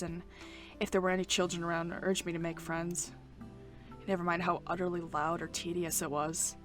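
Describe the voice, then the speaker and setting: A woman's voice: on the low side, voice pushed down, close to an everyday voice. A woman reading the inner narration of an aloof, watchful young man in a game, in a dry, subdued tone.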